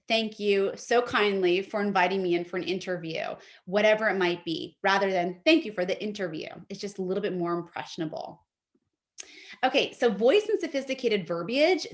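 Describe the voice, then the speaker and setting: A woman teaching an etiquette workshop, giving lively, practical advice with quick fillers, speaking into a video call mic. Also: mid-range voice. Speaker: etiquette instructor. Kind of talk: workshop presentation.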